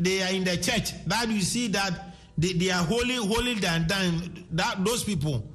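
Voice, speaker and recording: With a Ghanaian accent, a man preaches a sermon, moving between English and Twi, repeating his words and at times singing his phrases. His voice is high and fairly bright.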